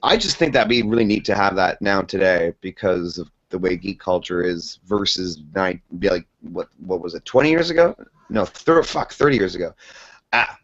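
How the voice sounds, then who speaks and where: A man leaving a rambling, excitable voicemail for a podcast. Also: deep voice, moderate pace. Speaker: voicemail caller. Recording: dull lo-fi voicemail audio.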